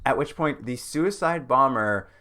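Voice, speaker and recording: A man co-hosting a podcast, recapping a TV miniseries in casual chat with wry, deadpan asides and chuckles. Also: medium pitch, a little slow. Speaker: podcast co-host.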